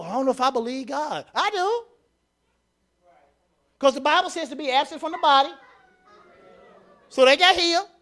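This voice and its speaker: A man preaching a sermon, repeating phrases and swinging from quiet asides to loud declarations. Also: very high-pitched. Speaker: pastor.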